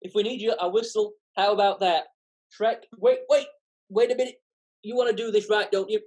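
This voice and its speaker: Woman doing a loud, eager male donkey. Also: medium pitch, fairly even intonation, lightly acted. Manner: pushy, eager, rapid coaxing. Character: chatty excitable male talking donkey sidekick. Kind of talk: casual script read.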